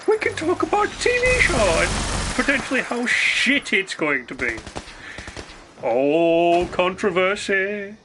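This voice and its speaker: A man's voice: high-pitched, big pitch swings, measured pace, noisy background. A man ranting casually on a live game stream, swearing freely, rambling and restarting his sentences. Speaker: gaming streamer.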